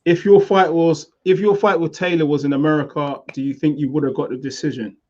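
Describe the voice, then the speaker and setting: A man hosting a casual chat show, upbeat and reading out fan questions and shout-outs. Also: on the high side, fairly even intonation, a little fast, lo-fi sound. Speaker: host.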